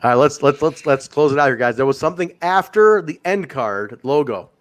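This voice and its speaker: A man's voice: fairly high pitch, expressive, fairly quick. A man hosting a wrestling podcast, chatting casually, swearing now and then and reading viewer comments aloud. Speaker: podcast host.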